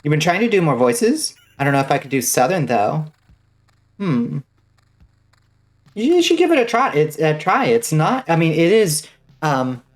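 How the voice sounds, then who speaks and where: A woman's voice: low voice, darkish tone. A woman streaming a game and chatting casually with viewers, rambling with many fillers and the odd swear word. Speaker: vtuber streamer. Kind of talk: casual gaming stream chat.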